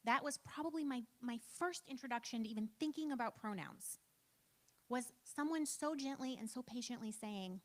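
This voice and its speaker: A woman's voice: a little high, moderate pace. A woman in her thirties giving a casual church training talk, chatty and self-deprecating, with lots of "like" and "um". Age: 30s.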